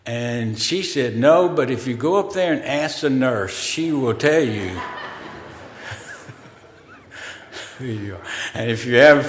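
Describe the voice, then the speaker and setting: A man preaching a sermon as pastor, in a slow, conversational way with pauses and fillers, in a church sanctuary. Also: medium pitch, lively intonation, slight background noise. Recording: roomy hall reverb.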